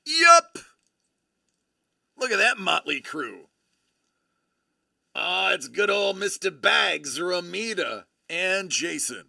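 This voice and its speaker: A man hosting a live stream, excitedly opening trading cards and exclaiming over each one. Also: high voice, slow pace, gravelly, no room sound, clean studio sound. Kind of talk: live-stream card breaking.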